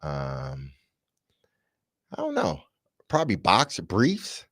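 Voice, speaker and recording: A man co-hosting sports talk radio, telling stories in a casual, animated way and laughing often. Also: sits low, slow, no echo, studio quality. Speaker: sports radio co-host, former player.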